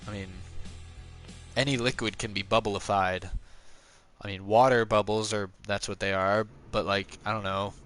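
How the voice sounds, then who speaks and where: Streaming a racing game live, a man talks at normal speed with his viewers in a relaxed, chatty way, making fun of himself. When racing, he yelps high with excitement. Faint music can be heard behind him.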